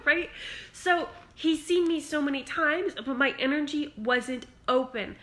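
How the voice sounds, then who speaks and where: A spiritual vlogger speaks casually to her phone camera inside a house with cats, her high voice pushed and bright. She is bubbly and chatty, saying "like" a lot.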